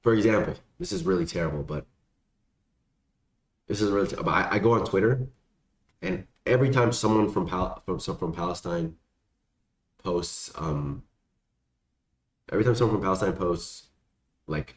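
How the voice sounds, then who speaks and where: A man's voice: sits low, normal speed, pauses often. A young man casually answering viewer questions, rambling and slangy with lots of fillers. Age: young adult. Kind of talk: casual Q&A chat. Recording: echoey room, faint background noise.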